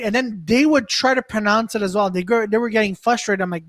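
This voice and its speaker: A woman's voice: medium pitch, quick pace, hardly any pauses. A woman from Quebec on a podcast panel, telling chatty anecdotes with plenty of fillers. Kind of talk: casual chat.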